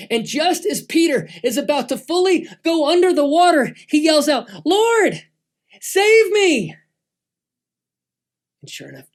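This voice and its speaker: A woman telling a Bible story to children, dramatic and swinging between loud and hushed delivery. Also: mid-range voice. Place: church.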